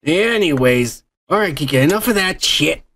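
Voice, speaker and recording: A man's voice: on the high side, expressive, moderate pace, a bit bright. A man co-hosting a podcast in crude, profane casual chat. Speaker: podcast co-host.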